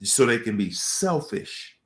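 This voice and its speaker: A man giving a casual motivational talk to a room, telling stories in colloquial, animated speech. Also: mid-range voice, takes it slowly.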